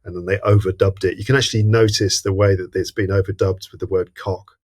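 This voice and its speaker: A man from England hosting a podcast, recounting film scenes in a relaxed, amused way. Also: low voice, fast. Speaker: podcast host. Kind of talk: casual film discussion.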